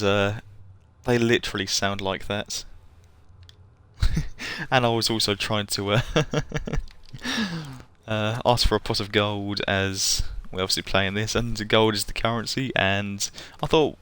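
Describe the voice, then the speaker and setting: A man's voice: lowish voice, takes it slowly, long pauses, a bit bright, smooth. A man streaming a game live, chatting casually and rambling, often laughing at himself.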